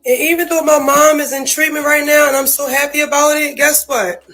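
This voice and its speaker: A woman's voice: high-pitched, steady tone, a little fast, a bit bright, faint music behind, poor audio. A woman in an emotional, profane, casual rant about family, often saying "you feel me" and near tears. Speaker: sister speaking out.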